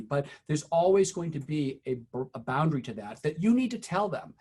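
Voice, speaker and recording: A middle-aged man giving a teacher training, telling a story in a conversational, unhurried way with many fillers. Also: fairly high pitch, expressive, a little mellow, breathy edge.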